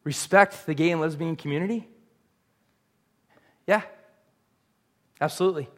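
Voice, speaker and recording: A man's voice: fairly high pitch, moderate pace, fairly bright tone. A man preaching a sermon in a conversational, joking way, full of rhetorical questions. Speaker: pastor.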